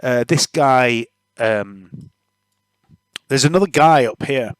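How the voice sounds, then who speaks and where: A man, narrating a tabletop game as game master, relaxed and trailing off with ums. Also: medium pitch, slow, clear, resonant tone, no room sound.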